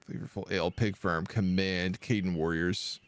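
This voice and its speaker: A streamer living in Quebec talks his way through a kingdom sim, offering casual, wry commentary as he plays the strategy game, chatting and thinking aloud. His voice is low and steady, smooth, at a normal speed, in a dry recording.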